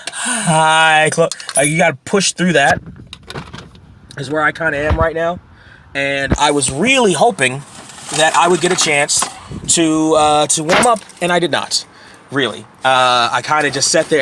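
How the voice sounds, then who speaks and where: A man in his thirties with a hoarse voice, rambling through a casual self-deprecating vlog monologue and often clearing his throat. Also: mid-range voice, background noise. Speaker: vlogger.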